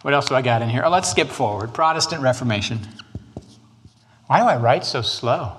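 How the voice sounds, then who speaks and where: A man teaching church history in a casual, jokey way with animated asides. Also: mid-range voice, fairly quick.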